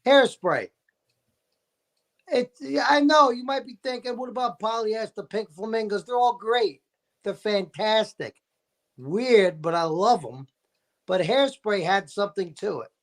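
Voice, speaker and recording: A man's voice: high voice, expressive, slow pace, long pauses. A man talking as a guest in a casual chat, telling an enthusiastic story.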